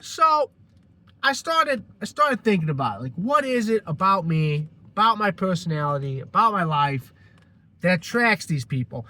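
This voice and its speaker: A man's voice: high-pitched, sing-song, normal speed, bright, forceful tone. A man telling a personal story as a casual rant, rambling, restarting his sentences and swearing freely.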